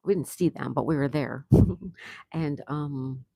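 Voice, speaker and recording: A woman's voice: a bass voice, fairly even intonation, measured pace, vocal fry, dark tone, breathy edge, no room sound. A woman hosting a casual live stream, chatting and laughing as she greets viewers and answers their comments. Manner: laughs often. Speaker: livestream host. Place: home in Florida.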